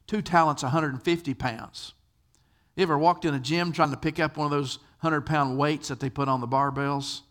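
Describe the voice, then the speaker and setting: A man's voice: on the high side, steady tone, a little fast, fairly bright tone. An older man preaching a sermon, telling stories in a conversational way and asking his listeners questions. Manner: conversational storyteller, asks the audience questions. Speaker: pastor.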